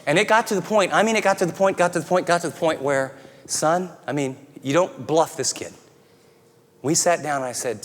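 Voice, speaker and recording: A man's voice: on the high side, fairly quick. Earnest pastor man in a reverberant hall. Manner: earnest and conversational, dropping soft and tender. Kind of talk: sermon. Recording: long reverb of a large hall.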